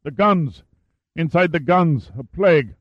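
A man putting on a gruff ship captain who barks orders at a raised pitch and volume. He sounds desperate and furious, and his voice has an urgent edge. The audiobook recording is dry and a little dull. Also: animated, unhurried, no echo. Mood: frantic. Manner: barked, shouted commands.

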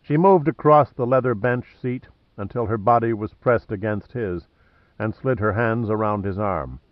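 A man narrating an audiobook in a measured, even way. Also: lowish voice, dry recording, muffled recording. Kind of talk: scripted narration.

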